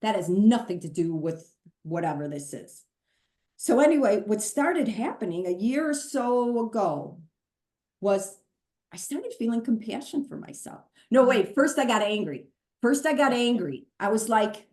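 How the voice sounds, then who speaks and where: A middle-aged woman talks openly and earnestly, animated as she recounts her own experience. Her voice sits at an ordinary pitch for a woman. The recording carries a noticeably roomy echo. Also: measured pace. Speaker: pastor and guest. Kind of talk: candid podcast conversation.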